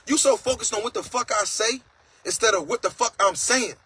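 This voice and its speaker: Husky blunt man ranting. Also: high voice, fairly quick, sharp tone, low-quality recording. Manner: blunt, profane, preachy. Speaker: host. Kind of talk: casual livestream monologue.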